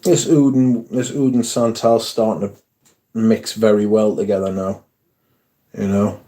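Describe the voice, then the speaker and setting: A man's voice: fairly low pitch, little pitch movement, unhurried, warm tone. A man casually chatting on a live stream, reading viewer comments aloud and swearing freely.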